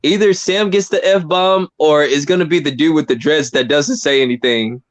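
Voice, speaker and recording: Casual co-host, man, higher-pitched, easygoing. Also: moderate pace. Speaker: podcast co-host. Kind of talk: casual chat.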